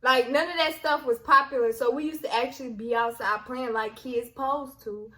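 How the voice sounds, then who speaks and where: A woman's voice: high-pitched, steady tone, normal speed, noisy background. A woman chiming in on a casual story, teasing and interjecting. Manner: teasing, interjecting, laughs a lot. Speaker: co-host.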